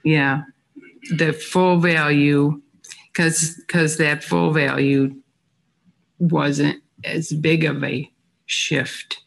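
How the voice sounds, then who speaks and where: Gravelly voice, very slow pace, meeting presentation, halting, self-deprecating. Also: mid-range voice, level tone. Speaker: county official presenting budget figures.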